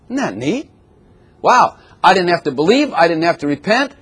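A man preaching a sermon in a lively, conversational way, with sudden exclamations. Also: sits high, moderate pace, husky.

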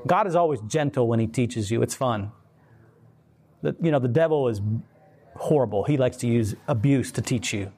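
A man giving a casual, rambling faith talk, animated, laughing often and putting on voices for quoted people. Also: medium pitch, normal speed, pauses often. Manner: rambling, many fillers and restarts. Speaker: Christian speaker.

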